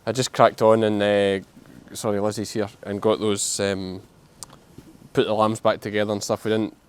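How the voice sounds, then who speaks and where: A man's voice: on the low side, level tone, normal speed, clean tone. A young man with a Scottish accent, a sheep farmer hosting a casual farm vlog outdoors and talking bluntly to the camera. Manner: blunt, swears casually, uses local dialect words. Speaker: sheep farmer and channel host.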